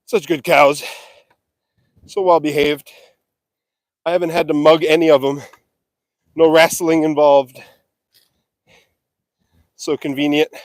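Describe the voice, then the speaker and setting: A man's voice: a little high, level tone, slow, pauses often, no echo, studio quality. A man chatting casually on a live stream as he walks an outdoor farm field with a handheld mic, talking playfully to his cattle. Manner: playful, sing-song calls to the animals. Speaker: livestream vlogger feeding cattle. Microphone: handheld mic while walking.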